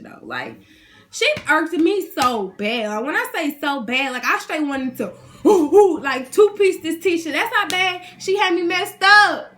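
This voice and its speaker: A young woman, ranting to her viewers in an animated, indignant, slangy way. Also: high-pitched. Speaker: vlogger. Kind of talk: casual rant to camera.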